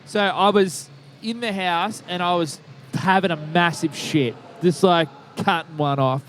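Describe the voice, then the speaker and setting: High-voiced man telling rambling stories. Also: steady tone, unhurried, a bit bright, a little hiss or hum. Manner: rambling, profane, laughs at own stories. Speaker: podcast co-host. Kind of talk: casual storytelling chat.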